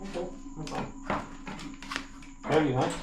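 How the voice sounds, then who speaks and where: A man's voice: fairly high pitch, normal speed, reverberant, very noisy. A man, the customer, answering a mechanic with short agreeable replies. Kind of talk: casual chat.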